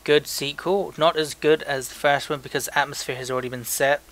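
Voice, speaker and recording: A young man reads listener emails aloud on a casual podcast, joking and stumbling as he goes. His voice is bright and forward. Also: on the high side, steady tone, brisk. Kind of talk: casual chat.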